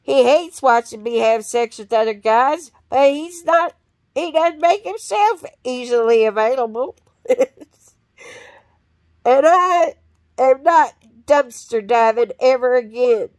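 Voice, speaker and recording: A woman rambles through a blunt, profane monologue, swearing freely. Her voice sits a little high and she talks at a slow, drawn-out pace. The sound is dry and close, with no room around it. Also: expressive, darkish tone, dry recording.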